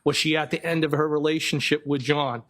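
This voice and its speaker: Man testifying in court, slightly high voice. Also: brisk. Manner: flat, careful reading with self-corrections. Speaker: trial witness. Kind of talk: courtroom testimony, reading messages aloud.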